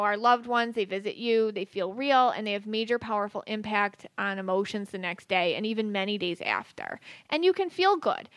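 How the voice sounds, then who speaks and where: A woman's voice: on the high side, a bit bright, no room sound. A woman hosting a podcast, talking casually with many fillers and restarts. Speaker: podcast host and psychic medium. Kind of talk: casual spoken monologue.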